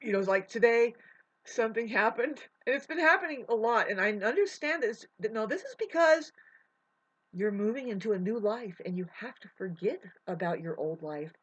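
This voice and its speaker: A woman in a rambling spiritual monologue, emotional and swearing, drifting between soft musing and loud outbursts. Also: fairly high pitch, animated, normal speed. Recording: dull lo-fi audio.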